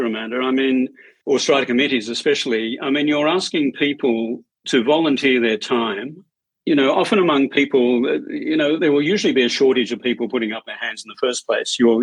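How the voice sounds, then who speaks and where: A man, a strata committee chair, speaking as a podcast guest in a measured, anecdotal way with dry humour. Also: medium pitch, husky, no room sound, rough recording. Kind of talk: conversational interview storytelling.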